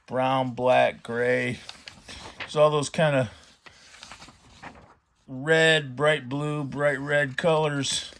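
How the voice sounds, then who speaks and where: Paging through an old magazine on his own channel, this middle-aged collector chats casually, reads passages aloud and drifts into memories as he thinks out loud. His mid-range voice has a fairly bright tone, with slight background noise behind it.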